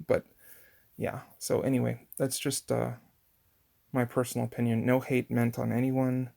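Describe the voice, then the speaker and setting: A man's voice: mid-range voice, level tone, normal speed, vocal fry, long pauses, mellow. A man giving a casual language lesson on pronunciation, chatty and full of fillers and restarts. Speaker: language teacher.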